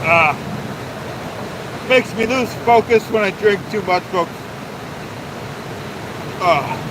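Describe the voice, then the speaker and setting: A man's voice: high voice, slow, background noise. A man hosting a live stream outdoors by a waterfall, talking pompously about himself in the third person and repeating his points in a mock-authoritarian way. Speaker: livestream host. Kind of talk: live-streamed rant reading chat.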